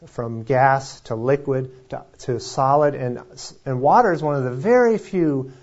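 A man's voice: medium pitch, a little slow, a little mellow. A man leading an informal Bible study, talking conversationally with rambling asides and self-deprecating jokes. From Wisconsin. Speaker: preacher. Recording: slightly dull lo-fi sound.

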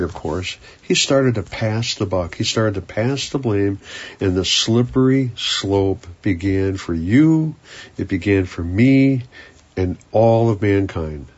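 Husky-voiced male preacher, lo-fi. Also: lowish voice. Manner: earnest, unhurried, repeats words when searching. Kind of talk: sermon.

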